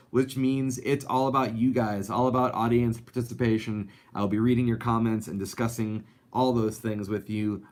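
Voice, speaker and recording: A man hosting a live animation talk show, chatting casually and reading out viewer comments with lots of fillers. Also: medium pitch. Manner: chatty, upbeat, rambling with many fillers.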